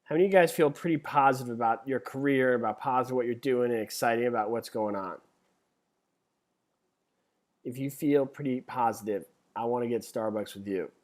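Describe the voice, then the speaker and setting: A man's voice: medium pitch, brisk. Chatty man reading quiz questions. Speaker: real estate exam instructor. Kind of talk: live webinar teaching.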